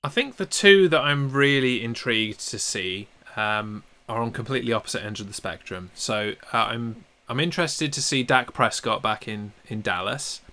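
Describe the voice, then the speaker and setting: Bright-voiced man, dry teasing wit. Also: medium pitch, slight background noise. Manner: dry teasing humor, measured. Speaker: podcast co-host. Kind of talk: casual sports podcast chat.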